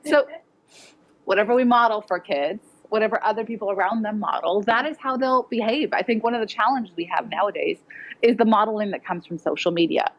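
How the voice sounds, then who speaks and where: A woman's voice: mid-range voice, quick pace, dull audio. A woman educator giving a direct, practical conference talk to parents. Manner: direct, practical, acts out quoted voices. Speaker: educator presenting. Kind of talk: conference presentation. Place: conference hall with audience.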